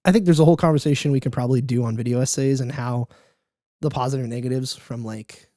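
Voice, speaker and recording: A young man co-hosting a casual podcast chat, telling stories with lively, acted-out reactions. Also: fast, dry recording, studio quality. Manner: animated storyteller, acts out his own reactions with high squeals. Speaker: podcast co-host.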